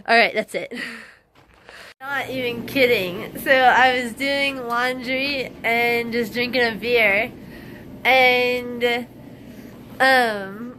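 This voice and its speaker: A woman hiker talks to camera in a slow, unhurried way, her voice sitting a little high. She is worn out and emotional, gushing and rambling as she goes, with frequent laughs. She is indoors in a half-built shelter. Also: pushed and bright, slight background noise. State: exhausted and emotional. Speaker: long-distance hiker. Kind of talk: casual vlog, talking to camera.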